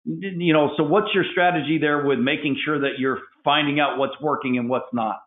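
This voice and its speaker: A man's voice: a little high, fairly even intonation, normal speed. A man hosting an interview, asking long enthusiastic questions and repeating words as he frames them. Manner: enthusiastic, repeats himself while framing questions. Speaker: interview host. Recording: echoey, phone-like audio.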